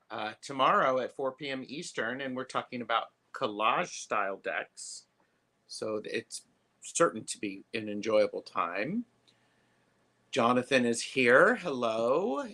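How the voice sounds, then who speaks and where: A man hosting a live tarot stream, chatting casually with lots of fillers and pauses. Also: medium pitch, bright, forceful tone. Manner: chatty, halting, many fillers.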